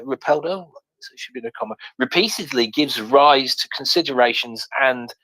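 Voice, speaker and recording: A man's voice: mid-range voice, a bit bright, dry recording, low-quality recording. A man hosting a live audio chat, reading an article aloud with many fillers, restarts and wry asides. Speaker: host.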